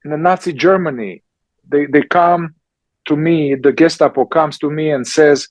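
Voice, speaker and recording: A man, a therapist and teacher answering questions in a slow, emphatic conversational way, often checking in with "yeah?". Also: a little high, no echo, dull audio. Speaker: somatic psychotherapist and teacher.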